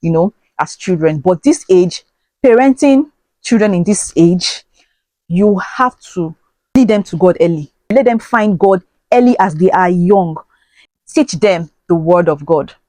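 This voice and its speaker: A woman's voice: mid-range voice, a little mellow, dry recording. A woman hosting a parenting channel, giving earnest, preachy advice to camera with rhetorical questions and many fillers.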